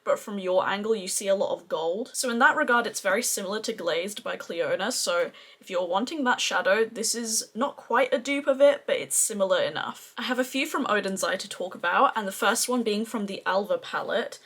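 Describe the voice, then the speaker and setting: A chatty Australian woman talks through her favourite eyeshadows in a casual beauty review. She gushes freely, sitting at an ordinary, middling pitch. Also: a little fast, hardly any pauses, a bit bright. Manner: gushing, chatty, effusive. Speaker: beauty vlogger.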